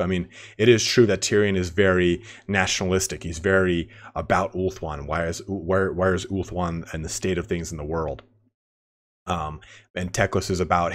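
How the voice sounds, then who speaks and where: A man's voice: low voice, steady tone, normal speed. A man giving casual, rambling game commentary, full of fillers and restarts. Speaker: gaming commentator.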